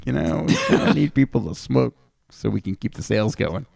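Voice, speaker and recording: A Canadian man co-hosts a casual comedy podcast, presenting the research by reading facts aloud and then riffing with crude jokes. His mid-range voice is creaky and darkish, with lively intonation and a fairly quick pace. The sound is clean studio audio with no echo.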